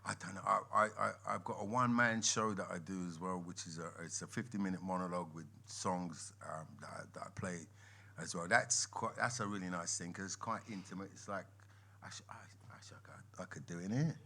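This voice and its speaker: A man as a guest on a live podcast, telling lively stories and laughing often. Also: deep voice, fairly quick, vocal fry. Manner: animated storyteller, laughs often, lively swings in loudness. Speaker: guest musician and actor. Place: members' club room with a live audience.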